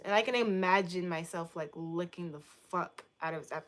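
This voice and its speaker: A woman's voice: on the low side, normal speed, hardly any pauses. Young woman streamer from Boston, casual chat, cheeky and crude jokes, playful teasing delivery. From Boston, United States. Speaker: livestreamer answering chat.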